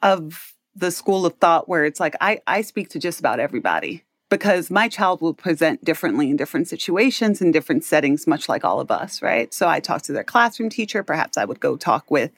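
A woman's voice: low voice, big pitch swings, a little fast, few pauses, no echo. A woman in her thirties with a New York accent, an educator and parent speaking as a podcast guest, explaining things earnestly and often checking in with "right?". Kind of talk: podcast interview.

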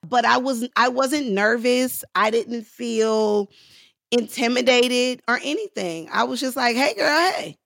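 Animated woman telling stories, slightly gravelly. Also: a little slow, dry recording. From Los Angeles. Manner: acts out quoted voices with big pitch jumps, laughing, lively. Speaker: actor, interview guest. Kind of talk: animated storytelling in a podcast interview.

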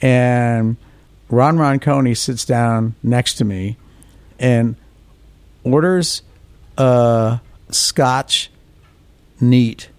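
A man, an orthodontist guest on a podcast interview, telling lively stories and acting out what others said. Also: medium pitch, very slow, long pauses, clear, resonant tone, no room sound. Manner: animated anecdotes, acts out quoted voices.

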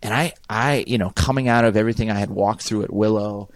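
A man's voice: fairly low pitch, fairly even intonation, fast talker, no room sound. A middle-aged man, a pastor, talking earnestly and reflectively in a podcast conversation, often repeating words as he thinks.

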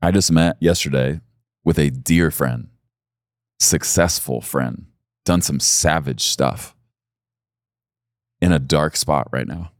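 A man's voice: a bass voice, slow pace, long pauses, dry recording, studio quality. A middle-aged male pastor preaching a sermon in an earnest, intimate way that swells to emphatic peaks.

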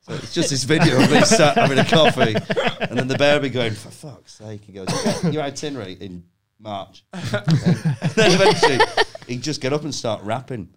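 A man's voice: mid-range voice, very animated, fairly quick, hardly any pauses, crowd noise. A man, a comedian guest, telling stories in casual chat, laughing often and acting out the people he quotes.

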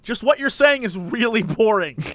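A man with a high, lively voice chats on a podcast, playful and quick with jokes. His pitch swings widely as he mugs through bits. The recording is close and dry. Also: no echo. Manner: animated, jokey, puts on voices for bits. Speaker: podcast co-host. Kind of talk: casual chat.

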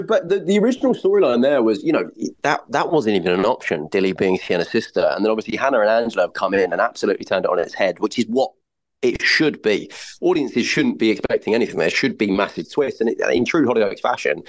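Man, fast talker, fairly low voice, effusive, casual interview guest. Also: animated, low-quality recording. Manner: enthusiastic, effusive, repeats words. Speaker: soap actor, podcast guest.

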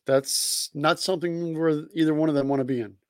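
A man's voice: a little high, fairly even intonation, brisk, no room sound. A man co-hosting a casual sports podcast, blunt and profane, laughing at his own points. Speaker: podcast co-host.

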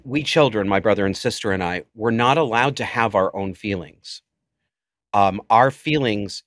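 Man, forties, low voice, dry sound; emphatic, raw guest telling his story. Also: fairly bright tone, no echo. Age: 40s. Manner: intense, emotional, emphatic. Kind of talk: personal storytelling in interview.

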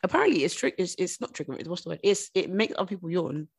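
Woman chatting on a podcast, quick and animated, lowish voice. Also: vocal fry, husky. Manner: animated storytelling with frequent restarts. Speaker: co-host. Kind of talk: casual podcast chat.

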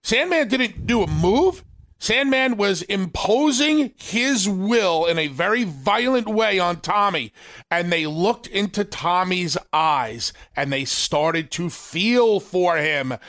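A man's voice: sits high, expressive, slow pace, fairly bright tone. A man co-hosting a talk show, speaking passionately and emphatically in a ranting way. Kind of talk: casual chat.

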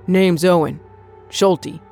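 Woman reading a wary bearded loner man, gruff and clipped, story narration. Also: fairly low pitch, steady tone, takes it slowly, dark tone, faint music behind. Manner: guarded, suspicious. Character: gruff burly bearded man living alone. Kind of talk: audiobook narration.

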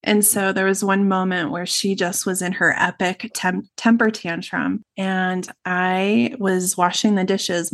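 A middle-aged woman, a guest in an interview, telling a personal story in a reflective, earnest way and speaking in long runs. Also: mid-range voice.

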